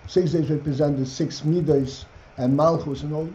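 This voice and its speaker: Rabbi reading and explaining a text. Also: male voice, on the high side, fairly even intonation, warm tone, slight background noise. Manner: reads Hebrew phrases slowly, then explains in English. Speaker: rabbi teaching a class. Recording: dull lo-fi class recording.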